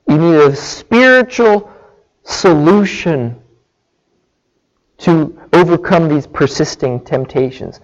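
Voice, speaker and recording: A man's voice: fairly high pitch, takes it slowly, long pauses, highs cut off. A man preaching a sermon, earnest and illustrative, with small restarts. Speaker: pastor.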